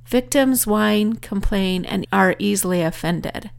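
A woman's voice: medium pitch, steady tone, unhurried, vocal fry, few pauses. A woman author giving a motivational talk, earnestly telling a personal story. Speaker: author and speaker.

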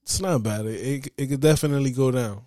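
A man's voice: mid-range voice, quick pace, mellow, no room sound, studio quality. A young American man co-hosting a sports podcast, teasing and needling his co-host in casual banter. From United States.

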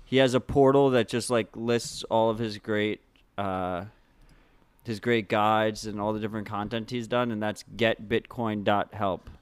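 A man's voice: fairly low pitch, fairly even intonation, clear, resonant tone, no room sound. A man co-hosting a podcast, talking casually with many restarts and eager asides. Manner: halting, many restarts, enthusiastic. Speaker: podcast co-host. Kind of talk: casual chat.

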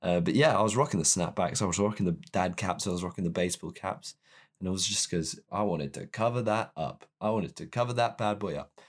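A young man with a low, deep voice tells a personal story to camera. His delivery is candid and self-deprecating, and he rambles as he speaks. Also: fairly quick.

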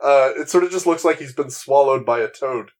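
A man's voice: mid-range voice, fairly quick. A man co-hosting a casual podcast chat, describing pictures with playful comparisons. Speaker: podcast co-host.

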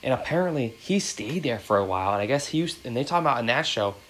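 A man's voice: medium pitch, expressive, fast talker, fairly bright tone, poor audio. Rambling man in his thirties. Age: 30s. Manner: rambling, heavy with fillers like "like" and "um". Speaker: podcast host. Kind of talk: casual podcast chat.

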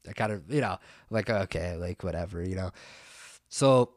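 A man's voice: low voice, moderate pace, no room sound, studio quality. A man telling a story in a casual, rambling way, swearing and stumbling over fillers and restarts.

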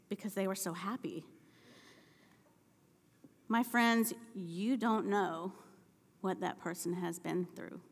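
A woman preaching a sermon in a church, telling personal stories and building to impassioned, shouted appeals. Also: medium pitch, big-room sound. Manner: storytelling, rising to impassioned shouting. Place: church sanctuary.

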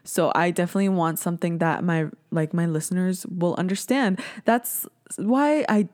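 Her voice is fairly low and a little mellow, at a moderate pace: a twenty-something Canadian woman running a relaxed solo podcast. She chats away, curses freely and drops into mocking impressions.

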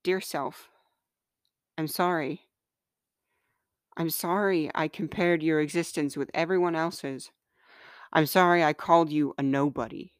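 A woman hosting a podcast and reading aloud from her own book in a gentle, measured, heartfelt way. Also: low-pitched, steady tone, clean tone, no room sound, clean studio sound. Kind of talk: slow, earnest reading of personal writing.

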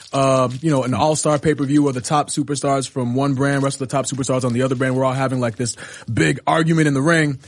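A man who is a professional wrestler, guest on a radio interview, telling stories in a lively way and often asking "you know what I'm saying". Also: mid-range voice, dry recording. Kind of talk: casual radio interview storytelling. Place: radio studio.

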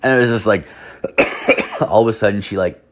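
A young man from Canada, pitched a little low, rants through a story in loose casual talk. He swears constantly, leans on "like" as filler, and jumps up in pitch to mimic the people he quotes. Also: normal speed. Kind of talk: profane casual storytelling rant.

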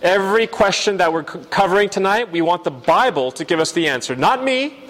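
A man preaching a sermon, telling a story in an animated way and then putting questions to the room. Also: high-pitched, fairly quick, big-room sound. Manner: animated storyteller, bleats like a lamb.

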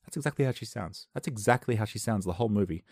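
A man's voice: on the low side, expressive, quick pace, a little mellow, no room sound, studio quality. A man in his thirties hosting a podcast, rambling through a jokey monologue and laughing at his own jokes. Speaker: podcast host.

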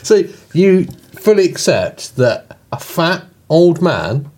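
A man with a husky voice and a lively, swooping pitch. He lobs dry, teasing questions in easy casual banter. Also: slow.

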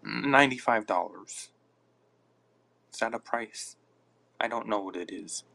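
Male podcast host, unhurried casual rambler, reads and answers chat on a phone mic. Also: on the low side, vocal fry, sharp tone. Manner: rambling, reacts to listener comments aloud.

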